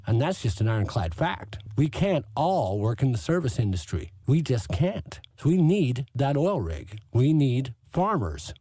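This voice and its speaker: A man's voice: mid-range voice, dark tone, no room sound. A man ranting as a podcast host in a profane, sneering, abrasive comedic style.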